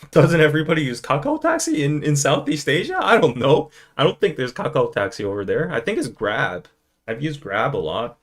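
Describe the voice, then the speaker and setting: A man hosting a podcast chats loosely and rambles in a casual live-stream, now and then breaking into playful impressions. His voice is a little high and very animated, at a moderate pace.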